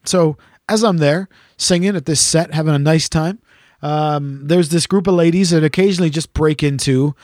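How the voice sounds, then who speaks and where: A man with a notably high voice spins a teasing anecdote, cursing freely as he goes. The sound is dry and close, with no room around it. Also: moderate pace, a little mellow, dry recording. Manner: teasing storyteller, swears freely. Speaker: podcast host and gigging singer. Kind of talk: casual chat.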